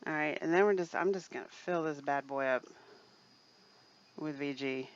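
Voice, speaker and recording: A woman's voice: low-pitched, moderate pace, lo-fi sound, slight background noise. A woman co-hosting a casual show, chatting viewers through a mixing demonstration step by step. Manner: chatty, explains step by step, addresses viewers as "people". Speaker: co-host demonstrating recipe mixing. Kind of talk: casual instructional chat.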